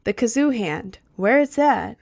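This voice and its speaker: Her voice fairly high yet darkish, expressive and a little slow with vocal fry, this young Maryland streamer reads viewer questions aloud during a casual livestream. She's chatty and rambling, heavy on fillers, in a studio-quality recording with no room sound.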